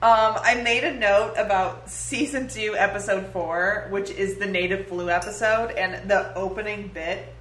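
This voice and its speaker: A woman's voice: medium pitch, fairly even intonation, a little slow, a bit bright. A woman co-hosting a casual podcast chat, laughing as she retells comedy scenes. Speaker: podcast co-host. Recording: roomy echo, faint ambient hiss.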